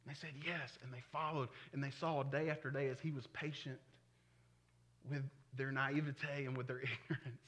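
A man, preaching a sermon in a conversational, animated way. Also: mid-range voice, moderate pace. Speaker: pastor.

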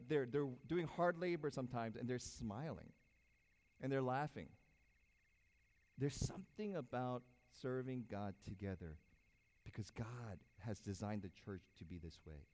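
Male pastor, mid-pitched, animated sermon delivery, reverberant sanctuary sound. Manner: animated preaching, swings loud and soft, acts out quotes. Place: church sanctuary. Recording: hall reverb.

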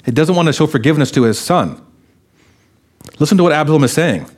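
A man, a pastor, preaching a sermon, animatedly acting out the voices of the people he quotes. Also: fast talker. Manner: animated, acts out quoted voices with raised pitch.

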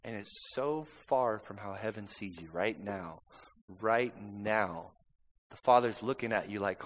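A man's voice: fairly low pitch, unhurried, long reverb tail, rough recording. A man preaching a sermon in a church, impassioned and conversational, often checking in with "amen?". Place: church sanctuary.

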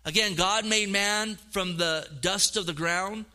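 Male pastor, middle-aged, sermon, animated, high pitched, very bright tone. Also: a little slow. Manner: animated preaching, acts out quoted voices, repeats words.

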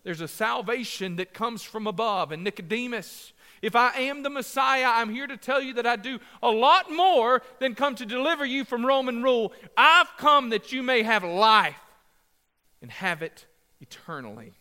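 A pastor delivers a passionate sermon in a high, bright, forceful voice. He leans on repetition for emphasis and jokes with the congregation between points. His voice rings out through a reverberant church sanctuary. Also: expressive, moderate pace, smooth.

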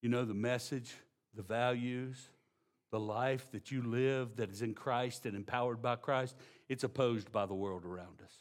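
A pastor with a Texan accent delivers a sermon in a mid-range voice, sinking into slow, hushed emphasis before swelling into loud, excited storytelling.

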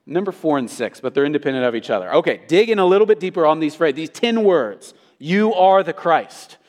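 A man's voice: on the high side, animated, fast, darkish tone. A male pastor preaching an emphatic sermon, with his intensity rising and falling. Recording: long hall reverb.

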